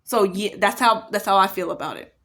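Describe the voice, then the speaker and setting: A woman's voice: mid-range voice, brisk, fairly bright tone. Agitated woman in her forties, ranting. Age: 40s. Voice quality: speech impediment when emotional. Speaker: vlogger. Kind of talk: emotional monologue to camera.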